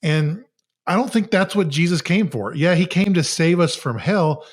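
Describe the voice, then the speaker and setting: Thirties male podcast co-host, slightly high voice, wry and joking, casual storyteller. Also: animated, moderate pace. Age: 30s.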